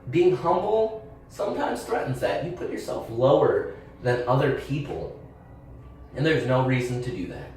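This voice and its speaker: A man's voice: mid-range voice, sing-song, normal speed, darkish tone. A young man hosting his channel, telling a personal story in a candid, rambling way with fillers and restarts. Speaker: channel host. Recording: very echoey room, voice a bit distant, faint background hiss.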